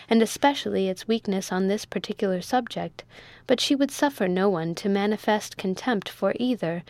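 A woman reading a classic novel aloud in a measured, clear and formal manner. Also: medium pitch, a little mellow, no room sound. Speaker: narrator. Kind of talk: audiobook narration of a classic novel.

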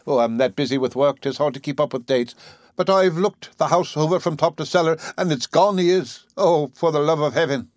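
A man voicing a large, frantic Irish mother with a shrill, keening voice. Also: a little fast, no room sound, studio quality, natural voice. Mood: distraught.

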